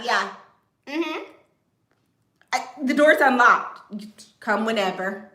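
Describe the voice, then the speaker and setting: A blunt, sassy woman hosts a casual livestream of life advice, joking and laughing as she talks. Her fairly high, bright voice swings up and down a lot. Her voice rings out in a roomy, echoey space. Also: animated, slow pace, long pauses.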